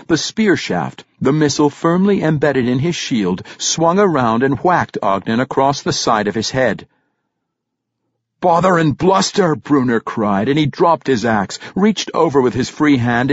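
A husky male narrator reading a fantasy audiobook, his pitch rising and falling dramatically through every sentence. The recording is close and dry with a slightly dull, lo-fi tone. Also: dry recording.

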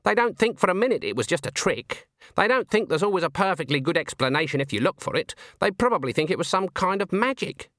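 A man's voice: high-pitched, very animated, fast, few pauses, fairly bright tone, no echo, clean studio sound, pitched above the performer's own voice, heavily acted. A man voicing a stern, haughty old woman witch who speaks in a curt, clipped, disdainful way. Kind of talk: audiobook character voice.

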